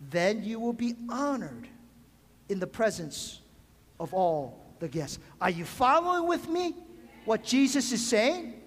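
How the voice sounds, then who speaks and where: A man's voice: high-pitched, sing-song, a little slow, a bit bright. A man preaching a sermon as pastor, asking the congregation questions and calling for amens. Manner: preaching with call-and-response questions. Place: church sanctuary. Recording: long hall reverb.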